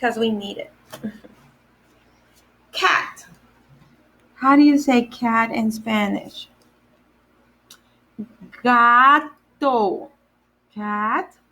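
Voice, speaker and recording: Speaking in a fairly high, fairly bright voice, a woman who teaches Spanish at a day camp walks children through vocabulary. Each word gets slow repetition and a letter-by-letter spelling, though the audio is poor.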